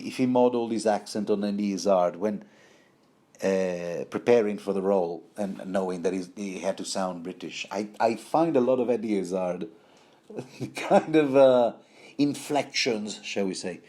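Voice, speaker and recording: A man's voice: sits low, unhurried, warm tone. A man giving a rambling, playful book commentary, full of fillers, restarts and self-corrections.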